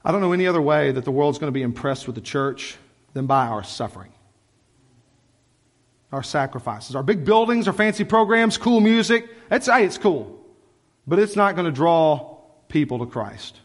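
A male pastor delivers a passionate, conversational sermon with a slightly high voice. His words ring out with a long reverb tail in the church sanctuary. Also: very animated, normal speed.

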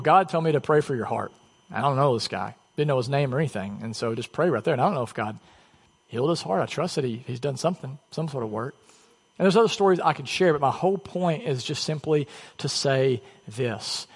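Conversational pastor in a reverberant church. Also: male voice, mid-range voice, animated, brisk, creaky, husky. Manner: conversational, self-deprecating storytelling. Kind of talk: sermon. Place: church sanctuary.

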